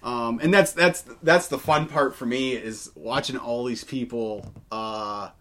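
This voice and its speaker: A man co-hosts a casual wrestling news podcast, speaking hesitantly with many fillers and false starts. His voice is medium-pitched and fairly bright, and he takes his time.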